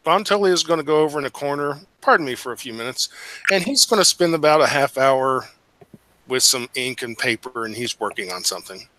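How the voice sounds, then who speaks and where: A man's voice: mid-range voice, expressive, fairly quick, pushed and bright, no room sound, low-quality recording. A man playing a tabletop game who asks questions in a hesitant, polite way. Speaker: player.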